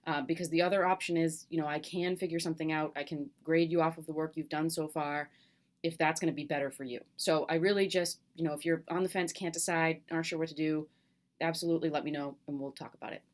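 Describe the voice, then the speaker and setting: A middle-aged woman teacher recording a video message to her students at home, speaking gently and candidly with a reassuring manner and some fillers. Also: low voice, fairly even intonation, fast. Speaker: college teacher. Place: home, at kitchen table.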